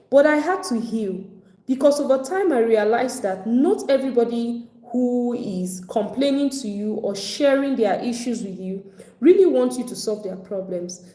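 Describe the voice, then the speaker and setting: A woman with a warm voice on the high side teaches a live online personal finance class from home in the evening over video call. She speaks conversationally and acts out other people's complaints, and the room sounds echoey.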